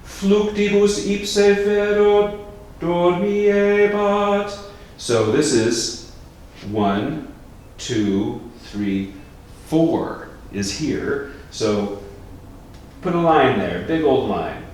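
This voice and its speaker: A priest teaching how to chant a gospel, explaining casually and breaking into sung chant. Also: male voice, animated, drawn-out words, darkish tone, distant mic. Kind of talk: informal chant lesson. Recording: very echoey room, faint rumble.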